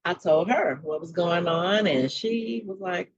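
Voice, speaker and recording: A lower-pitched woman tells her own story with lively energy, jumping into the voices of the people she quotes. She talks casually and bluntly, with plenty of slang. The recording is dry and a little dull. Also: moderate pace, hardly any pauses, slightly rough, no echo. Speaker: mental health coach and guest. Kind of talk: animated personal storytelling.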